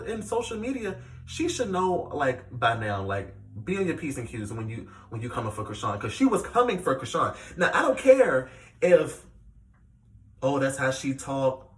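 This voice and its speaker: A man giving a casual, animated recap of a reality show, with plenty of fillers as he retells the scenes. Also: medium pitch. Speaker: reality TV reviewer. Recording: echoey room, distant mic.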